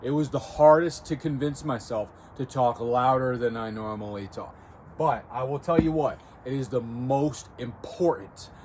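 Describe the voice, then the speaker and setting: A man hosts a self-improvement video, speaking casually to camera in a medium-pitched, slightly mellow voice at a moderate pace. His coaching is blunt and direct, peppered with "okay?" and "right?". Music plays clearly behind him, with a little hiss or hum.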